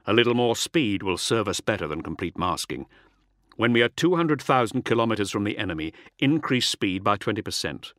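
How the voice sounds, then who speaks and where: Guy doing a stern warlord giving orders, low voice, dry recording. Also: expressive, a bit bright, no echo. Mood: commanding. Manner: firm, measured commands. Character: stern commanding male warlord leader.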